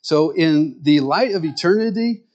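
A man's voice: a little high, lively intonation, a little slow, a little mellow, dull audio. A man preaching in a small rural church, telling personal stories in a frank, conversational way. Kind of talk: sermon told as personal stories.

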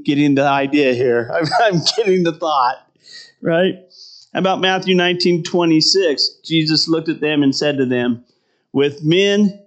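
A man's voice: fairly high pitch, dull audio. Conversational preacher man, often laughing. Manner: conversational, keeps asking "right?", laughs often. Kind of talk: sermon.

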